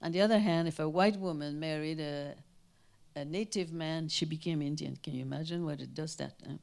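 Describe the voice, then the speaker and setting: An older woman from Canada, a guest speaker telling anecdotes at a Q&A, animated and acting out the voices of people she quotes. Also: low-pitched, brisk, gravelly. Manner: animated, acts out quoted voices, trails off and restarts. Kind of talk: anecdotal storytelling at a Q&A. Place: town hall in front of an audience.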